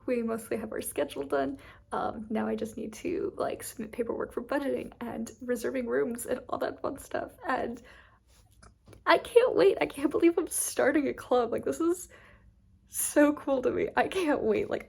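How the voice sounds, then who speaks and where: A woman's voice: sits high, normal speed, creaky, darkish tone, low-quality recording. A woman in her twenties, a college student, chatting casually and upbeat to the camera in a rambling vlog. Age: 20s.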